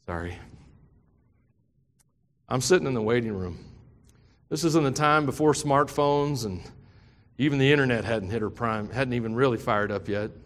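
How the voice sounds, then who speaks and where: A man's voice: medium pitch, a little fast. Middle-aged male preacher in a reverberant hall. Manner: personal storytelling that builds to impassioned preaching. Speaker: pastor. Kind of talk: sermon.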